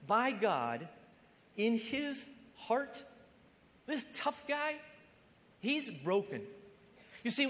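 A man preaches with a high, lively voice that leaps up and drops to a near hush. His delivery is impassioned. The sound rings with a long reverb from a large church hall. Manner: impassioned, swings from loud to hushed. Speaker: pastor. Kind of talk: sermon.

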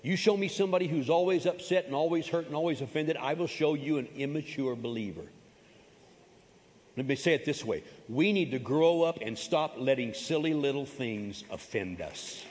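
A man's voice: fairly high pitch, animated, normal speed, a little mellow. A man preaching a sermon as pastor, emphatic and folksy, repeating his key phrases and adding humorous asides. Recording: long reverb of a large hall.

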